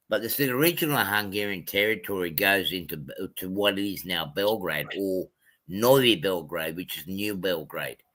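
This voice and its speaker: A man's voice: low voice, sharp tone. A man from Australia chatting casually on a livestream, rambling with many ums and self-corrections. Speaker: livestream host.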